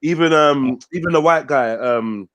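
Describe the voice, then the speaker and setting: A man's voice: a little high, unhurried, a bit bright, dry recording. A man from Nigeria, hosting a casual panel chat in a laid-back, rambling way full of "innit" and "man". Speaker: host of a news discussion panel.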